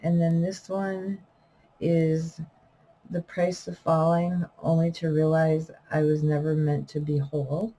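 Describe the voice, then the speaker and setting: Speaking slowly in a deep, level, mellow voice, a middle-aged vlogger and self-published poet addresses the camera in an unedited, casual video. Her talk rambles and trails off with fillers and self-corrections, punctuated by wheezing and coughs, and the recording quality is low.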